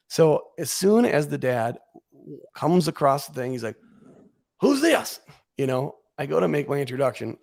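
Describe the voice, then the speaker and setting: A man as a podcast guest, telling a comic story in a casual, animated way, acting out what he and others said. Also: fairly high pitch, vocal fry.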